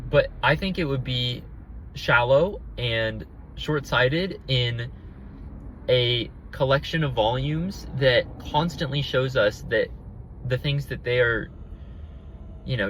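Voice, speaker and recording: This podcaster talks alone while driving, his fairly bright, medium-pitched voice captured in a rough recording with faint road noise behind it. He rambles earnestly and eagerly, full of fillers and false starts.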